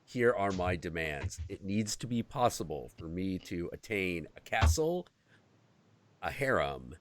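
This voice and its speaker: Animated low-voiced male podcast host. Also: measured pace, slight background noise. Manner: animated storytelling, swears freely. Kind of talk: casual chat.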